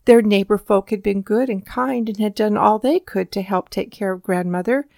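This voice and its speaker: A woman narrating a storybook in a calm, measured and gentle way. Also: medium pitch, creaky, no room sound, studio quality. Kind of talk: storybook reading.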